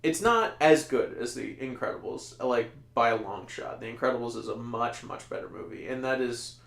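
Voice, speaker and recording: A man co-hosting a casual podcast, reviewing a movie in a rambling, animated way and laughing often. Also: medium pitch, normal speed, vocal fry, roomy sound. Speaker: podcast co-host.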